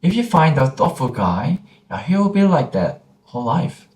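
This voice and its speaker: A man with a Korean accent teaching pronunciation in a gentle lesson, repeating each sound slowly. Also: fairly high pitch, very animated. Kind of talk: slow, patient pronunciation lesson. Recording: roomy echoey room.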